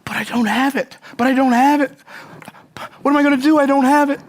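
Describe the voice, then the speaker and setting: A man voicing an excitable male Australian business client in a put-on Australian accent, eager and stammering. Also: very high voice, a little fast, pitched above the performer's own voice. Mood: flustered.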